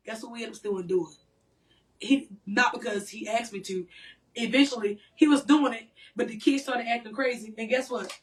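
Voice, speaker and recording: A woman's voice: on the high side, moderate pace, distant mic, low-quality recording. Teasing woman co-host, a bit off-mic. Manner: playful, teasing, laughs often. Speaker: podcast co-host. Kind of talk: casual banter with spouse.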